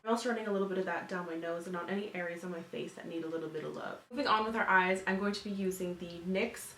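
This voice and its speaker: A woman's voice: on the low side, racing, fairly bright tone, reverberant, a little hiss or hum. A woman in her twenties, a beauty vlogger, chatting casually through a makeup tutorial with lots of fillers. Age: 20s. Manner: chatty, filler-heavy, upbeat.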